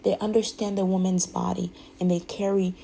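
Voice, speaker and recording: A woman's voice: medium pitch, level tone, normal speed, vocal fry, dark tone, slight background noise, rough recording. A woman speaking candidly in a rambling, emphatic way, often restarting her sentences. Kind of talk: candid personal monologue.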